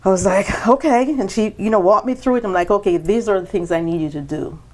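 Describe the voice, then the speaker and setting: A woman guest on a business podcast, telling her story in an animated way and acting out quoted dialogue with sudden jumps in pitch. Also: fast.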